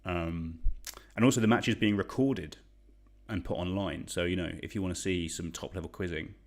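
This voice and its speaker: A young man from England hosting an online quiz, chatty and self-deprecating as he reads out questions and shout-outs. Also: deep voice, moderate pace. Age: young adult. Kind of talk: casual quiz hosting livestream.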